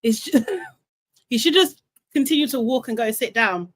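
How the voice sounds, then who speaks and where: A young woman hosts a casual live recap stream, chatty and animated, laughing often and reading out comments from the chat. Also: fairly high pitch, moderate pace. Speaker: live show host.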